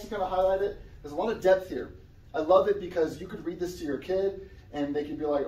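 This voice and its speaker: A man's voice: high voice, quick pace, slight background noise. Man preaching casually in an echoey church. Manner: casual, conversational preaching with sudden loud outbursts. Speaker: guest preacher. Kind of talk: sermon. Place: church sanctuary. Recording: echoey church room, somewhat far from the mic.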